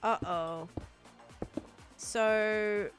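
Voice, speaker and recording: A woman's voice: mid-range voice, steady tone, drawn-out words, soft background music. Bubbly Australian woman streaming a game. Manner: chatty, reads and answers chat while building, bubbly. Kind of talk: casual live-stream chat while gaming.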